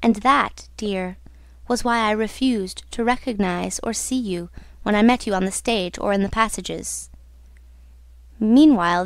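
A woman's voice: mid-range voice, no room sound, close to an everyday voice. A woman reading the part of a young woman singer, telling her love her story in an intimate, earnest way.

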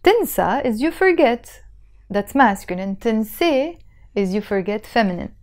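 Young woman, Lebanese accent, language teacher, patient, repeats phrases slowly. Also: a little high, big pitch swings, a little mellow. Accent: Lebanese Arabic. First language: Lebanese Arabic. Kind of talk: explaining phrases in a language lesson.

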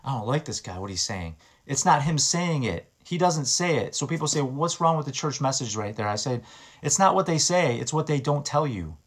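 A man's voice: a little high, moderate pace, husky. Earnest man preaching casually. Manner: earnest, conversational, often restarts words and repeats phrases. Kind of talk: informal sermon.

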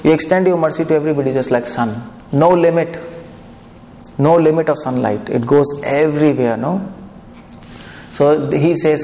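A man's voice: fairly high pitch, normal speed, pauses often, dark tone. A man giving a devotional lecture, chatty and often asking the audience questions. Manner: conversational, asks the audience questions. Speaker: preacher. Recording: echoey hall, faint background noise.

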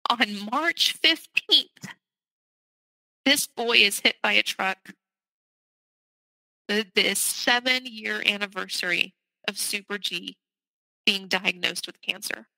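A woman's voice: mid-range voice, slow, creaky, long pauses, sharp tone, no echo, rough recording. Woman, middle-aged, podcast guest, candid storytelling, dry close sound. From American South. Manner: candid, urgent, vivid recounting. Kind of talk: personal storytelling.

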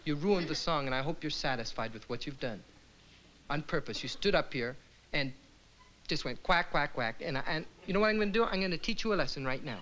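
An actor playing a folk singer on stage who breaks off his song to scold a bandmate in a mock-stern, deadpan way. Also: fairly high pitch, brisk, a little hiss or hum, low-quality recording. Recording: loud instrumental music behind.

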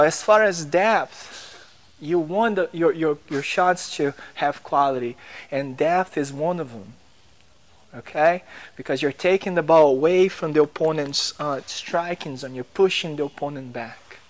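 A man's voice: on the high side, a little slow. A man coaching young players on a tennis court, encouraging them with short drill commands.

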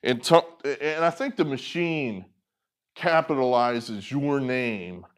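A man's voice: mid-range voice, takes it slowly, smooth. A middle-aged man gives casual political commentary in an everyday mid-range voice. He rambles, starts over and drops sarcastic asides as he goes. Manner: rambling, sarcastic, many fillers and restarts.

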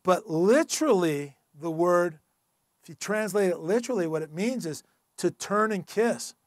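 A man's voice: sits high, lively intonation, moderate pace, dry recording, clean studio sound. A man pastor preaching a sermon in church, earnest and emphatic in a conversational way.

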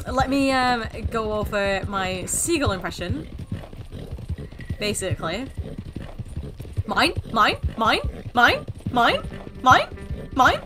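A young woman giving chatty, self-mocking commentary while playing a video game. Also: mid-range voice. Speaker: gaming YouTuber. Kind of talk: casual gameplay commentary. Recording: game sounds and hooves over voice.

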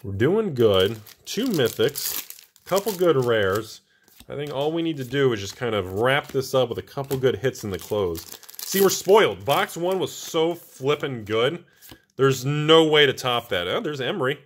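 A male host giving casual, excitable, joking commentary while opening card packs. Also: medium pitch, unhurried, a little hiss or hum. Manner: excitable, exclaiming, jokey.

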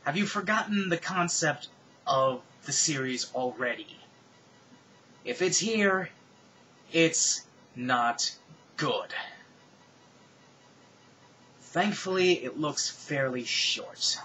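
A man's voice: on the high side, animated, slow, long pauses, sharp tone, a little hiss or hum, rough recording. A man reading bad fan fiction aloud with sarcastic, exasperated asides.

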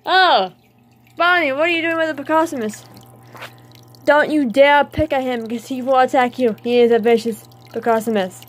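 High-voiced excitable woman vlogging her fish. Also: moderate pace. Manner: excitable, scolds and teases her fish playfully. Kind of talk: casual vlog chatter to her pets.

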